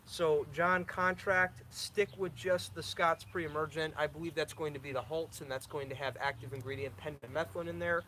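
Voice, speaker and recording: A man's voice: fairly high pitch, fairly even intonation, normal speed, few pauses, pushed and bright, slight background noise. A young man hosting a casual live stream, answering viewer questions in a loose, rambling way with lots of restarts.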